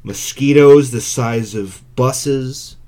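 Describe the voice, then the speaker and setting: A man co-hosting a gaming podcast, talking in a deadpan way with many halting restarts. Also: mid-range voice. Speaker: podcast co-host. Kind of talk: casual gaming chat.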